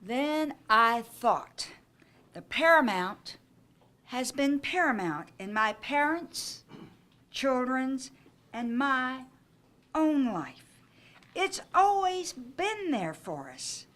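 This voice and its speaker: Older woman host, welcome speech at a home reception, high and bright, unhurried, anecdotal, lightly funny. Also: sing-song. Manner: gracious, anecdotal, with light humor. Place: private home during an evening reception.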